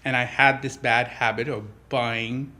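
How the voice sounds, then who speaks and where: Bright-voiced priest telling a story. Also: male voice, medium pitch, a little slow. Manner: animated storyteller, laughs often. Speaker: Catholic priest, pastor. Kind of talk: storytelling in a conversational interview.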